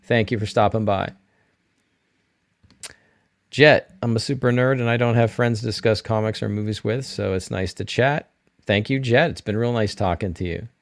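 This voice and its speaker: A man's voice: on the low side, moderate pace, vocal fry. A middle-aged man hosting a live stream, rambling casually and answering viewers' chat comments.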